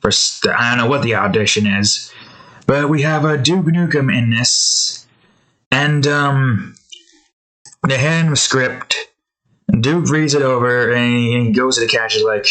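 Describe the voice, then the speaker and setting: A man chatting casually while he works on an art video, meandering from thought to thought. He restarts sentences often and fills pauses with ums and likes. His voice sits at an ordinary middle pitch. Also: fairly bright tone, rough recording. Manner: meandering, many fillers and restarts. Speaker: art vlogger. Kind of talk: rambling casual chat.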